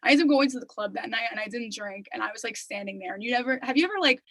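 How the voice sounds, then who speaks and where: Racing through her story, a young singer-songwriter chats casually as an interview guest, dropping "like" and "you know" constantly. Her voice is a little high and fairly bright, with no room sound, but the audio is poor.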